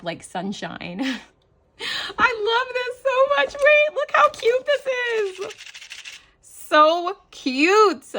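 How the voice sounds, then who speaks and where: A woman hosting a crafting channel, chatting casually to camera as she unboxes a swap package, gushing and excited, with lots of "like" and "you know" fillers. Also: mid-range voice.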